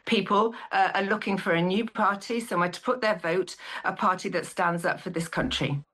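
A woman's voice: medium pitch, moderate pace, fairly bright tone, breathy edge. Female politician, guarded and on-message, plain mid-range voice. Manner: guarded, repetitive talking points. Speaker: politician being interviewed. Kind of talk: political interview answers.

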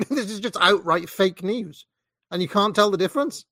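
A man's voice: high voice, lively intonation, moderate pace, pushed and bright, dry recording. A man ranting in a commentary vlog, exasperated, sweary and sarcastic. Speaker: online commentator.

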